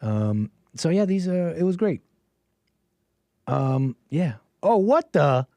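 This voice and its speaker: A man with a slightly high, very animated, mellow voice speaks slowly on a dry recording. He hosts a call-in livestream and rambles casually to his chat, full of fillers, restarts and trailing thoughts, laughing often.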